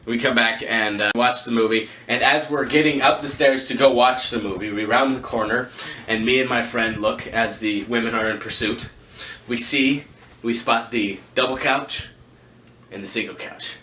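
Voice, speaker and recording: A man vlogging a rambling storytime to camera, joking at his own expense with quick asides. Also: mid-range voice, steady tone, bright, forceful tone, a little hiss or hum. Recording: echoey room.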